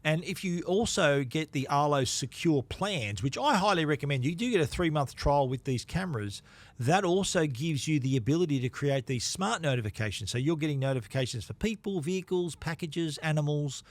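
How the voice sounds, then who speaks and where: A man co-hosting a tech podcast, talking casually with restarts and quick "yep" replies. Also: fairly high pitch, animated, no room sound. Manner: chatty, loose with restarts and "yep" fillers. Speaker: podcast co-host. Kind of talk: casual tech chat and read ad.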